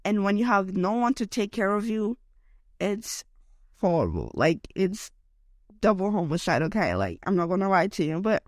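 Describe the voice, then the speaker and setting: A woman's voice: medium pitch, lively intonation, normal speed, no room sound, studio quality. A young woman hosting a solo podcast rant while sick, her voice worn by illness, rambling and emotional with lots of "like" and "okay?". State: unwell, voice affected by illness. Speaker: podcast host.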